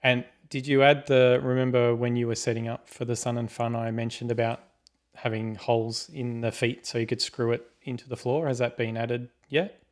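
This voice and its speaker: A man hosting a casual interview, speaking in a relaxed, hedging way and reading out viewers' questions. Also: medium pitch, moderate pace. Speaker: interview host. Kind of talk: casual video-call interview.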